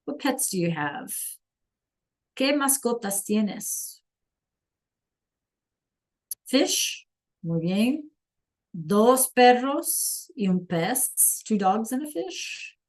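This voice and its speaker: A woman teaching a live online language class, slowly sounding out words for students to repeat and encouraging them by name. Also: on the high side, big pitch swings, darkish tone. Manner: slow careful enunciation of words for students to repeat. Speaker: Spanish teacher.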